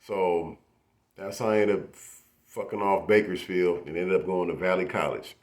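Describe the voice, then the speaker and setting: Man, low voice, casual storytelling, profane street slang, rambling, acts out quotes. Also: steady tone, normal speed.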